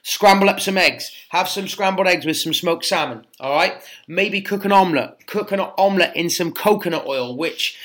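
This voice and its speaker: A man's voice: sits high, normal speed, a bit bright. A man in his thirties with a British accent, a personal trainer giving blunt, chatty fitness advice and calling his listeners mate and guys. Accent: British English. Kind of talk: casual fitness advice monologue.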